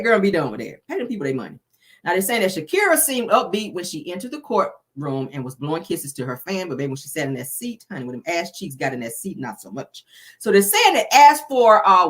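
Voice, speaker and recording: Woman, gossip host, sassy, chatty, low voice, very animated pitch. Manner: sassy, chatty, calls viewers honey and baby. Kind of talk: casual gossip commentary.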